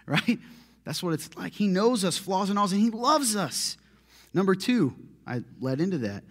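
Animated, slightly high-voiced male preacher. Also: takes it slowly, long pauses, breathy edge. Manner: animated storytelling, self-deprecating, laughs often. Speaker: pastor. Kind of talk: conversational sermon.

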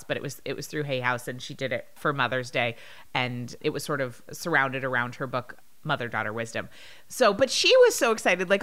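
Podcast co-host, woman, 30s, slightly low voice, casual and animated storyteller. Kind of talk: casual chat.

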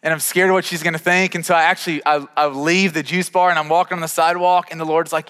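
A man preaching a sermon, telling a personal story with acted dialogue in an animated, self-deprecating way. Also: on the high side, fast talker, few pauses, clean tone. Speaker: pastor. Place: church sanctuary. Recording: reverberant church hall.

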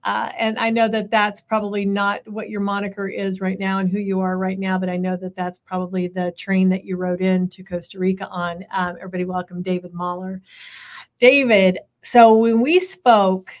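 Female interview host, mid-pitched, loose chatty delivery with frequent "um"s. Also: level tone, normal speed. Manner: chatty, filler-heavy questions. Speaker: podcast host. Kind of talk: interview podcast.

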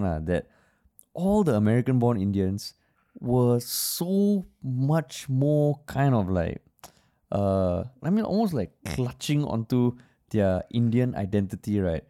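A man with a Singaporean English accent co-hosting a podcast in casual chat, telling stories with frequent laughter and swearing. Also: medium pitch. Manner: laughing, swearing, animated storyteller. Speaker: podcast co-host.

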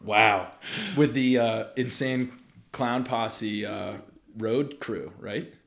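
A man in his thirties, a podcast guest telling stories in casual conversation, lively and laughing often. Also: medium pitch, extremely slow, creaky, slight background noise.

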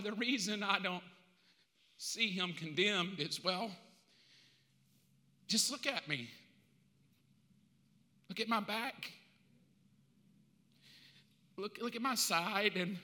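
A man preaching, speaking as a calm, forgiving male savior in a soft, hushed voice. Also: high-pitched, big-room sound, exaggerated voice.

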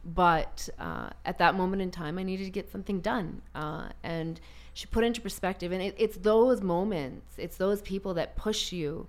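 A woman in a casual conversation as a guest, telling stories in an animated way and laughing often. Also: on the low side, moderate pace, few pauses.

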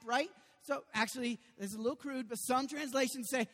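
A male pastor preaches in a lively, conversational way, breaking now and then into loud bursts. His voice sits high, and it rings with the long reverb of a large church hall. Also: brisk. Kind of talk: sermon.

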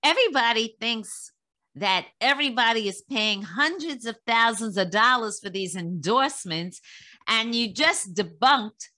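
A woman's voice: fairly high pitch, lively intonation, unhurried, pushed and bright. A woman hosting a podcast, effusive and full of praise for her guest in a casual interview. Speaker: podcast host.

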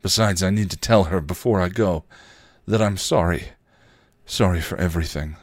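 A man voicing a starving, dying male vampire who talks in a weak, strained croak with a put-on accent. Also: sits low, normal speed, no room sound, clean studio sound. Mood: defiant.

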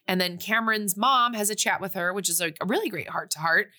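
A woman's voice: medium pitch, fast, few pauses. A young woman casually recapping a movie on a podcast, animatedly acting out the characters' lines. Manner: animated, acts out characters' lines in big voices. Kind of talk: casual chat.

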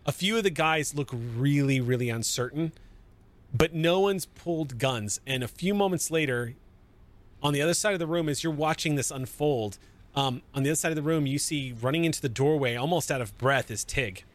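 A man narrating as game master in a relaxed, chatty way, with frequent fillers. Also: a little high, normal speed.

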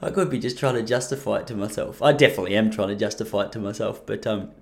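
A man's voice: fairly low pitch, rapid-fire, gravelly, a little mellow. A man hosting his own podcast, rambling and self-deprecating in casual chat. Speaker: podcast host.

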